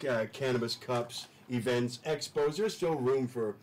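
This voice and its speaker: A man on a talk-show couch, enthusiastic and rambling, stumbling and restarting as he goes. His pitch sits in the middle. A faint hiss of noise runs under his voice. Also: measured pace, low-quality recording. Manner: rambling, enthusiastic, repeats words when restarting. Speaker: studio guest. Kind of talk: casual talk-show chat.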